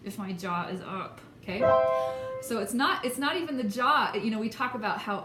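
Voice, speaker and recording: A woman's voice: medium pitch, expressive, normal speed, loud music behind the voice. A woman teaching a vocal lesson, explaining technique in an encouraging, emphatic way. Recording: echoey room with instrument playing.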